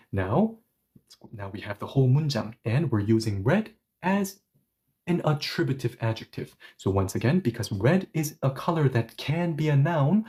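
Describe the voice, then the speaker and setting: A man teaches a live language lesson, walking through grammar rules step by step. His voice is mellow and warm at a middle pitch. He stops now and then to correct himself and apologize before carrying on. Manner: explains step by step, often apologizes and self-corrects.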